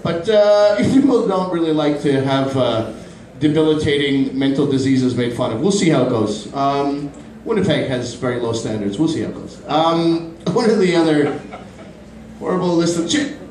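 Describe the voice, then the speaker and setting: A man in his thirties doing a stand-up comedy set in a small club, animated and quick to jump into high-pitched voices for his bits. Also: slight background noise. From Pakistani family, grew up in Canada. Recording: roomy club from a distant mic.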